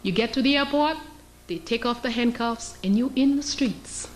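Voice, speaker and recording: A woman's voice: a little high, moderate pace, a little hiss or hum, poor audio. A woman giving an impassioned public lecture, emphatic, acting out scenes and asking rhetorical questions. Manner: emphatic, role-plays scenarios, rhetorical questions.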